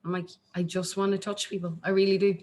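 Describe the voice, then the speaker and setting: An Irish woman from Ireland, a singer-songwriter chatting casually as an interview guest, animated and full of restarts. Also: fast. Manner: animated, acts out quotes in a jumpy high voice, lots of restarts.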